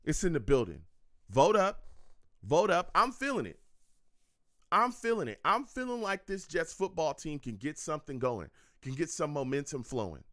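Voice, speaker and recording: A man's voice: fairly high pitch, sing-song, normal speed, a bit bright, no room sound, clean studio sound. A young man hosting a live football reaction stream, repeating himself a lot, venting at the calls and talking to his chat. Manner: frustrated, repetitive, talks to the chat. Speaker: fan show host reacting to a live game.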